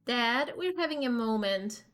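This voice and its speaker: A woman plays an eager teenage game character, pitching her voice high and bright. She stays slow and unhurried. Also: expressive. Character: teenage girl, excited graduate.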